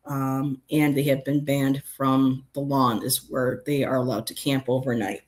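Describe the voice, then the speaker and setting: Low-voiced middle-aged woman, casual livestream host, chatty with frequent fillers. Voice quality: chatty, lots of ums. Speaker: livestream host reading chat. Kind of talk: casual chat.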